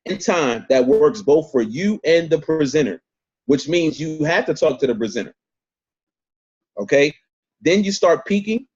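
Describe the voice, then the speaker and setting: A man's voice: sits high, darkish tone, husky. Pumped-up guy running a sales training on zoom, keeps repeating himself, muffled lo-fi audio. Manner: emphatic, repeats points, talks straight to the group. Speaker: network marketing trainer. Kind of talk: motivational sales training on a video call. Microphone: video call.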